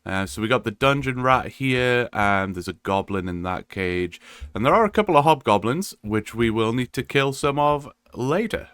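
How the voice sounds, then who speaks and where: A man's voice: mid-range voice, animated, normal speed, fairly bright tone, clear, resonant tone, no room sound, clean studio sound. A man giving casual, wry gameplay commentary as a gaming video creator, explaining the rules of his game run step by step.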